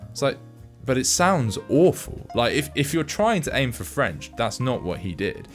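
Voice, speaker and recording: A man co-hosting a podcast, chatting casually about films in a rambling, halting way with many restarts. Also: mid-range voice, animated, soft background music. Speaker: podcast co-host. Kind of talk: casual film review chat.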